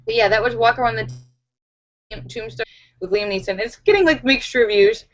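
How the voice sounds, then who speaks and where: A young woman hosting a casual live stream at home, telling stories in an animated, chatty way with many fillers, on a webcam mic. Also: on the high side, moderate pace, highs cut off.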